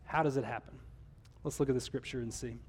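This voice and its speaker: A man's voice: mid-range voice, steady tone, quick pace, slightly rough. A man pastor preaching a conversational sermon, with some restarts along the way.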